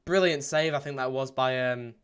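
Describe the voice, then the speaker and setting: A man hosting a live football watchalong stream. He chats casually, reads out viewer comments with plenty of ums, and breaks into excited play-by-play. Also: mid-range voice, normal speed, smooth. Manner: bursts into excited play-by-play at goals. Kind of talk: live match watchalong chat.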